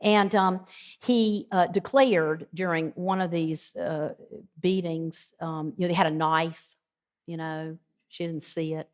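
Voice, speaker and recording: A woman's voice: fairly low pitch, steady tone, takes it slowly. A woman guest speaker earnestly retelling a testimony at a Bible study, with frequent ums and hesitations.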